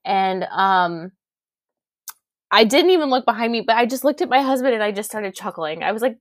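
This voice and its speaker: A woman hosting a solo podcast, talking casually and chattily, laughing and quoting herself in lively asides. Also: mid-range voice, moderate pace, dry recording, clean studio sound. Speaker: podcast host.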